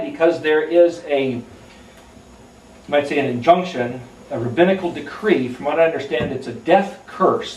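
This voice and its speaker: A man's voice: a little high, darkish tone. Man teaching scripture in an echoey room. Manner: explanatory, spells out Hebrew letters, muses aloud. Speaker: Bible teacher. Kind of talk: recorded Bible teaching. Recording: echoey room, mic at a distance.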